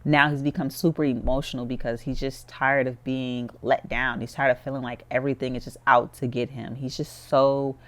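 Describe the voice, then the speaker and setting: A woman's voice: very deep voice, little pitch movement, moderate pace, few pauses. A woman narrating a life-sim game in casual commentary. She tells the story in a chatty, rambling style, with "like" filling her sentences. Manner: chatty storytelling, heavy use of "like". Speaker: gameplay commentator.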